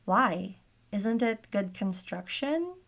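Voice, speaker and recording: A woman's voice: mid-range voice, lively intonation, slow pace, vocal fry, fairly bright tone, full character voice. A woman voicing a curious, practical young woman traveler in a storybook role-play. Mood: doubtful.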